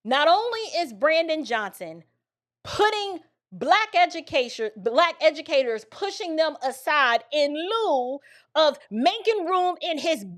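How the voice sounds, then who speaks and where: A woman commentator delivers a heated opinion monologue in a high voice. She lectures and challenges her listeners, piling up rhetorical questions with a preachy, combative edge. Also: very animated, a little slow, fairly bright tone. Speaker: political commentator.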